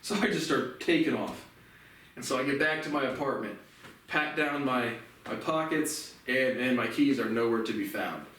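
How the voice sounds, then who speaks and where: A man's voice: mid-range voice, moderate pace, a bit bright. A young man in his twenties rambles through an indignant, profane story, restarting his sentences as he goes. He sits well back from the mic. The room around him rings with heavy echo. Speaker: vlogger. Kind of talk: casual storytelling rant. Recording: very echoey room, distant mic.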